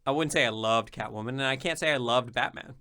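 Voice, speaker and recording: A man co-hosting a podcast in casual chat, animated and swearing, often tripping over his own words. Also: mid-range voice, fast talker. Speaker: podcast co-host.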